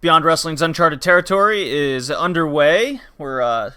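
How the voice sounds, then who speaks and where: Young male podcast host, upbeat and bright, rambling casual chat. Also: fairly high pitch, lively intonation, smooth. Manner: chatty, quick, loose with asides and laughs.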